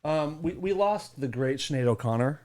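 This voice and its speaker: A podcast co-host in loose, casual chat, teasing the others and swearing freely. The voice swings widely in pitch, with a deadpan edge to the jokes. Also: moderate pace.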